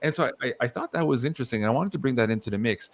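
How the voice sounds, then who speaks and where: Podcast host, male, lively swooping delivery, casual and swears freely. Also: medium pitch, racing, vocal fry. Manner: animated storytelling, swears casually, acts out quotes.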